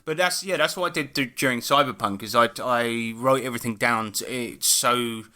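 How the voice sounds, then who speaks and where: A man with a bright, forceful voice chats on a gaming podcast. He tells stories animatedly, laughing and swearing as he goes. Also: mid-range voice, moderate pace, clear, resonant tone. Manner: animated storyteller, swears freely, laughs often. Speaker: podcast co-host and game master. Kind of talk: casual chat.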